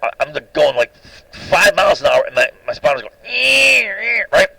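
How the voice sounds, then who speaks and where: A man with a gravelly, bright voice whose pitch swings all over as he rambles through a suspicious personal story. He keeps checking in with his listener with "right?" The recording is dry and close. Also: animated, fast, no echo, low-quality recording. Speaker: lecturer. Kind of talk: monologue telling a personal story.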